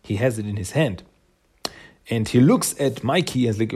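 A man's voice: mid-range voice, moderate pace, mellow, husky. A man casually recapping a comic book's story, rambling with many fillers and acting out the characters' lines. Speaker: comic book reviewer.

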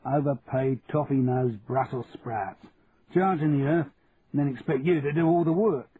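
Lightly acting at medium pitch and a moderate pace, a man gives voice to a shrewd sixty-four-year-old Cockney businessman whose banter is chummy, blunt and matey. The sound is tinny and lo-fi, with faint hiss.

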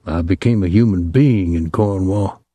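A man voicing a young soldier who talks in a soft, lazy country drawl. The voice sits low and dark, wry and mocking. The sound is dry and close. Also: moderate pace, slightly rough, no echo. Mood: soft ironic.

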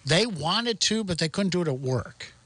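A man's voice: sits high, normal speed, no room sound. A man hosting a radio talk show, bantering and joking with theatrical outbursts. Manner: excitable, jokey, theatrical outbursts.

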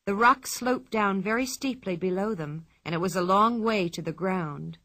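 A woman narrating a children's storybook with expressive telling. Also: mid-range voice, moderate pace, few pauses. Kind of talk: storybook reading.

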